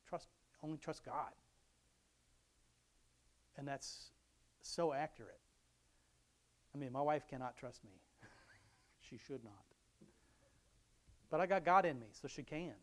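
A middle-aged man giving a casual devotional talk, rambling, chuckling often and restarting his sentences. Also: on the high side. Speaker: Christian speaker.

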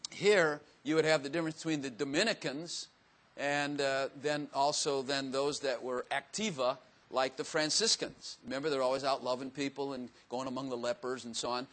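Speaking with a medium pitch and a somewhat bright tone, this preacher or teacher delivers an informal, homespun Bible teaching to a gathered room. He chats easily, mocks himself, and keeps turning questions back to the audience.

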